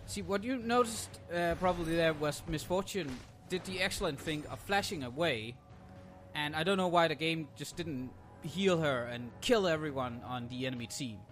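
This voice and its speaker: A man's voice: fairly high pitch, moderate pace, a bit bright, faint music behind. Sarcastic young man ranting over gameplay. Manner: sarcastic, ranting, swears freely. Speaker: gameplay commentator. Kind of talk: casual game commentary.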